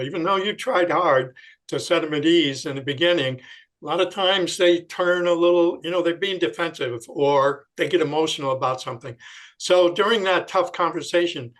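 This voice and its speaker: Man, interviewer, somewhat high voice, measured, thoughtful questions. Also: fairly bright tone. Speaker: interviewer, host.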